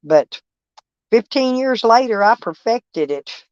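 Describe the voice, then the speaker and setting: A woman's voice: fairly high pitch, animated, takes it slowly, no echo. An older woman, chatting casually with live-stream viewers in a rambling, folksy, blunt way with frequent swearing. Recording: dull, dry lo-fi stream audio.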